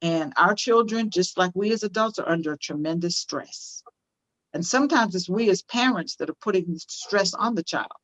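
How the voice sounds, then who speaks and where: A woman's voice: fairly low pitch, normal speed, fairly bright tone, no room sound. An older woman speaking as a parenting guest on a video call, impassioned, repeating phrases for emphasis. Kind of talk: conversational interview, teaching.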